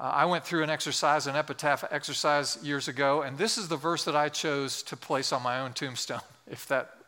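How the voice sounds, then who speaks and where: A male pastor preaching a sermon in an earnest, exhorting way, slowing down to stress key words. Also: a little high, bright, forceful tone. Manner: earnest, exhorting, slows for emphasis.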